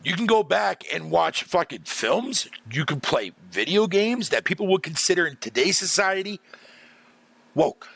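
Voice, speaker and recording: A man's voice: high voice, big pitch swings, normal speed, vocal fry, fairly bright tone, slightly rough. A middle-aged man ranting casually as a gaming streamer, swearing constantly, laughing often and piling on fillers. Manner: profane, exasperated, laughs often, filler-heavy.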